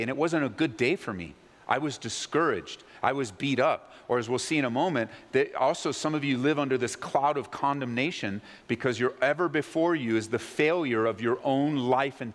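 A man preaching a sermon as pastor, swinging between loud, pleading questions and low, hushed emphasis. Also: long reverb tail. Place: church sanctuary.

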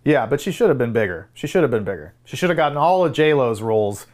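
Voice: mid-range voice, big pitch swings, fast talker, darkish tone. A podcast co-host giving emphatic opinions in a casual film discussion. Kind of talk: casual movie-discussion chat.

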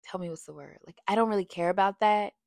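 A fast-talking woman with a medium-pitched voice and vocal fry recaps a reality TV show in studio-quality sound with no room tone. Chatty and sassy, she speaks straight to y'all, shares opinions and breaks into sung lines.

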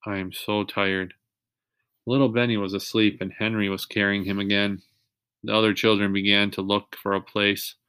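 A man reading a children's chapter book aloud in a steady voice, pausing now and then to ask young listeners questions. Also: lowish voice, smooth, no room sound, studio quality. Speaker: reader.

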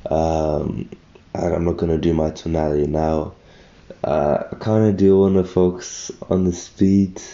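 Tired young man with a low, gravelly voice. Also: dark tone, lo-fi sound. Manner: rambling, self-correcting, thinking aloud. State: just woken up, tired. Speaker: solo podcaster. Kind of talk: casual solo morning podcast.

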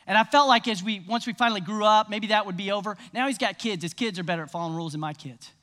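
A man preaching a sermon, energetic and conversational with the congregation. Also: high voice, fast. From American South. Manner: energetic, conversational, crowd-rousing. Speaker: pastor.

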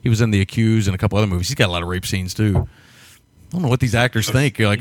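Fast-talking man, dry close sound. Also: lowish voice, dry recording. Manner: quick, rambling, laughs often. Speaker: podcast co-host. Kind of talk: casual film chat.

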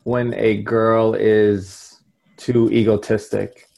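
A man appears as a guest on a talk show and answers in an easygoing way. He sprinkles his talk with casual slang and keeps a relaxed pace. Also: fairly low pitch, slow, gravelly. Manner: laid-back, slangy. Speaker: guest musician. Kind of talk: interview, casual chat.

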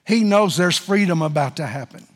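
A man preaching a sermon to a congregation, moving from hushed pleading to shouting. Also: a little high, animated, moderate pace. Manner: preaching with swings from soft to shouting. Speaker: pastor. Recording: long hall reverb with faint music.

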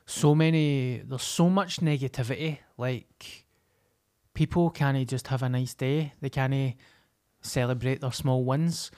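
A man's voice: mid-range voice, steady tone, a little slow, a little mellow. A Scottish man telling stories in candid, sweary casual chat as a podcast co-host.

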